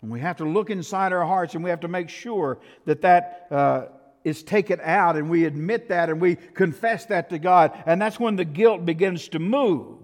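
A male pastor preaching a storytelling sermon, swinging from loud outbursts to hushed tones. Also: high voice, moderate pace. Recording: reverberant hall.

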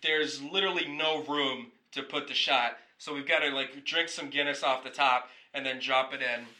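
Bright-voiced male podcast host. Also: medium pitch, steady tone, moderate pace, rough recording. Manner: rambling, self-correcting, swears casually. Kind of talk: casual storytelling chat.

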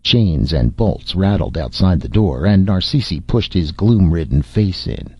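Deep, husky male audiobook narrator. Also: expressive, measured pace, hardly any pauses, no room sound. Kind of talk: scripted narration. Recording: dull, dry lo-fi recording.

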